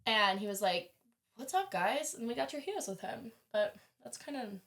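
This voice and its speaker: Young woman, college student, chatty storyteller, casual and animated, does quick voices for the people in her story. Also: mid-range voice, gravelly. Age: young adult. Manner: animated, heavy use of "like", acts out quoted voices. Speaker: podcast guest.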